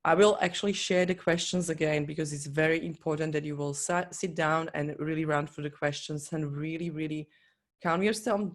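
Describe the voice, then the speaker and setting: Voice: medium pitch, little pitch movement, brisk, few pauses. A coach giving an earnest, encouraging motivational talk in non-native English, speaking straight to the listener. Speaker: business and life coach.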